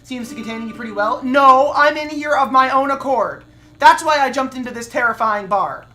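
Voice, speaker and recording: A woman's voice: high-pitched, normal speed, pushed and bright. A woman streamer giving brash, profane commentary while she plays a game. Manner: brash, profane trash talk. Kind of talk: gameplay commentary.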